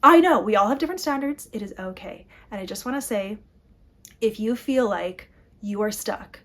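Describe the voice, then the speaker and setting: A young adult woman talking casually to her viewers, animated, often breaking off mid-sentence to restart a thought, with quick asides and small laughs. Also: mid-range voice. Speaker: book vlogger. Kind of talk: casual chat to camera.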